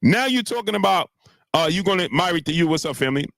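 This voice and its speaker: A man's voice: high voice, lively intonation, fast, creaky, a bit bright, no echo. Heated man ranting on a live stream. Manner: heated, repetitive, many filler "uh"s. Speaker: boxing commentary host. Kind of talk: live-stream commentary, greeting chat viewers.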